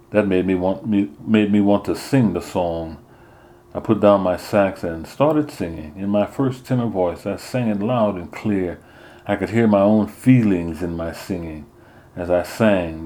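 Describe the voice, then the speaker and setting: A man narrating a first-person story in a measured storytelling manner. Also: low voice, warm tone. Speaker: audiobook narrator.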